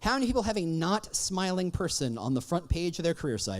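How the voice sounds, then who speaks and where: A man's voice: a little high, very animated, fast, hardly any pauses. A man giving a conference talk, wry and teasing, firing rhetorical questions at the audience. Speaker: conference speaker. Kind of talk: keynote talk. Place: conference stage.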